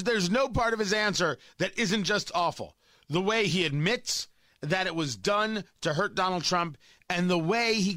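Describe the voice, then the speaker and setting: A man's voice: high voice, sharp tone, no echo, clean studio sound. A man hosting political commentary, sarcastic and heated, mocking his targets as he rants.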